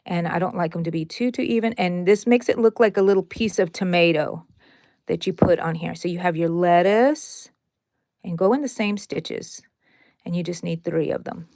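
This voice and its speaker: Woman crochet host, casual and playful, with a bit of vocal fry and a dry, close sound. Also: fairly low pitch, moderate pace, darkish tone, no room sound. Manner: chatty and playful, with sound effects and asides to viewers. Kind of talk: casual step-by-step crochet demonstration.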